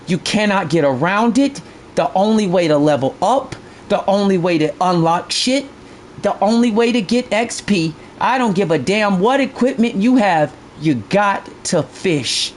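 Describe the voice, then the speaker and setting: A man with a high voice streams a fishing game and talks straight to his chat. He is blunt and profane and circles back to the same point again and again. Faint ambient noise sits under his voice. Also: animated, a little slow. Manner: blunt, profane, repeats himself while ranting. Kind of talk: live stream commentary.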